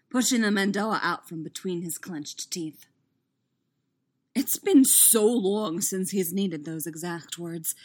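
Lower-voiced woman narrating a story. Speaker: audiobook reader. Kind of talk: fan fiction narration.

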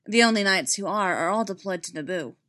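A woman's voice: medium pitch, expressive, brisk, fairly bright tone, close to an everyday voice. A woman voicing a stern, commanding female Jedi master who gives clipped orders.

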